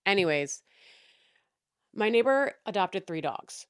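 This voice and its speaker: A young woman with a fairly low voice, a podcast host, rants about her neighbors at a slightly fast clip, casual and sarcastic, swearing freely. She sounds exasperated. The recording is dry and close, with no room sound around it.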